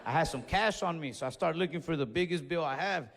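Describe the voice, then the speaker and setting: A young man working a stand-up set from a stage mic, spinning stories with animated bursts and a slightly raised voice. The sound carries a long hall reverb with faint room ambience behind it. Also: on the high side, fast talker, background noise. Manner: animated storytelling with escalating outbursts. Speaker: stand-up comedian. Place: comedy stage before a live audience.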